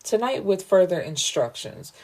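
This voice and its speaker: A woman doing a cold, calm male kidnapper. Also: fairly low pitch, normal speed, poor audio. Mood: menacing. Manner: calm, threatening.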